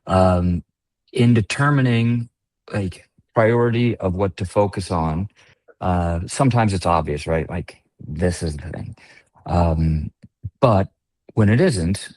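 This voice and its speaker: A man's voice: low voice, slow, darkish tone, dry recording. A man in a training session asking a question, hesitating and hedging with fillers. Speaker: session participant.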